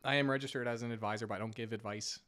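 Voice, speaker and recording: A man's voice: medium pitch, fairly even intonation, rapid-fire, a bit bright. A Canadian man hosting a casual live stream Q&A on finance, chatty and self-deprecating, a little scratchy from a cold. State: getting over a cold, slightly scratchy. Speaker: finance channel host.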